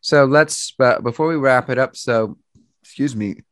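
A man's voice: medium pitch, moderate pace, a bit bright, no room sound, studio quality. A man hosting an interview, asking short curious questions in casual chat. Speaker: interview host.

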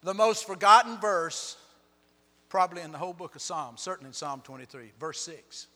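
A man preaching a sermon as pastor, telling Bible stories with sharp swings between loud and soft. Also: sits high, normal speed, long reverb tail. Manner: storytelling, dramatic shifts in loudness. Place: church sanctuary.

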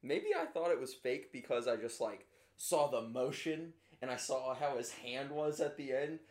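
A man in casual chat, animated and laughing as he talks. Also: medium pitch, normal speed. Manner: animated, laughing, quotes people in put-on voices. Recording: echoey room.

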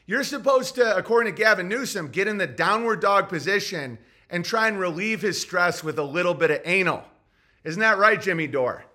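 A man's voice: sits high, animated, normal speed, sharp tone. A man hosting a podcast, ranting in a sarcastic, profane, mocking way. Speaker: podcast host. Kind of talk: podcast rant.

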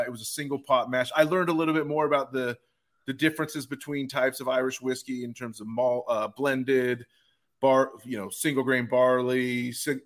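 Young guy on a sports podcast, bright voice, tells stories all animated, does other people's voices. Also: medium pitch. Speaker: podcast co-host. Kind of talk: casual sports podcast chat.

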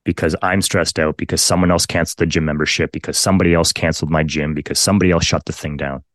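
Deep-voiced blunt man, dry close mic. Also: steady tone, fast talker, fairly bright tone, no echo. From Canada. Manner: blunt and profane, emphatic repetitions. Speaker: podcast guest, firefighter. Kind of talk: candid conversational storytelling.

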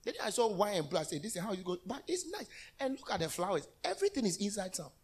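A man preaching a lively call-and-response sermon in a church. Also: high-pitched, fast talker, husky. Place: church hall.

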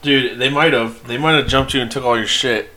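A man's voice: medium pitch, steady tone, fairly quick, pushed and bright, poor audio. A young man hosting a crude podcast chat outdoors, joking and laughing. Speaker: podcast host. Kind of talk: crude casual banter. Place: outdoors in an alley.

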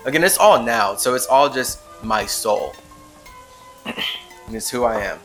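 Over soft background music, a man hosts a podcast and rambles emphatically through a casual spiritual monologue, laughing often. His mid-range voice is expressive and a bit bright, at a measured pace.

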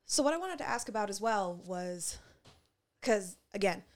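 A woman's voice: mid-range voice, expressive, normal speed. A woman hosting a casual chat, asking curious questions and giving brief agreeing replies.

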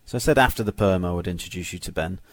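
A man hosting a podcast, introducing a guest in a relaxed, chatty way. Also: deep voice, rapid-fire, no echo. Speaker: podcast host.

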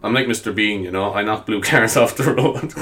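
A man's voice: fairly low pitch, normal speed, fairly bright tone. A man from hosting a rambling solo podcast, self-mocking and chatty, swearing casually and calling his listeners lads. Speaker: podcast host.

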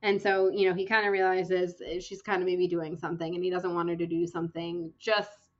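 A woman co-hosting a book podcast, gushing through an excited, quick recap of a favorite novel's scene. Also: lowish voice, lo-fi sound.

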